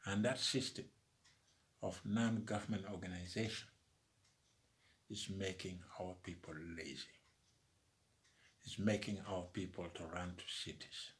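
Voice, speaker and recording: Male commentator, deliberate slow monologue, preacher-like emphasis, lower register. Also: steady tone. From Uganda. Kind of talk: opinion monologue.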